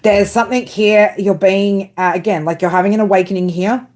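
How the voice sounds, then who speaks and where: A woman's voice: mid-range voice, steady tone, fairly quick, a little mellow. A woman doing a live tarot reading, blunt and casual, swearing often and talking straight to her viewers by name. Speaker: tarot reader.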